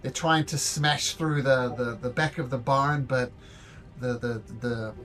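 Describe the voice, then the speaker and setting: A man running a tabletop game as game master, narrating in a halting way with many fillers and repeated words. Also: mid-range voice, steady tone, fairly bright tone, soft background music.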